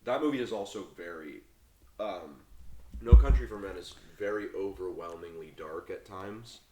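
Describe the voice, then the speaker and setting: A man hosting a podcast in casual chat, animated and swearing freely. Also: deep voice, moderate pace, noisy background. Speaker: podcast host.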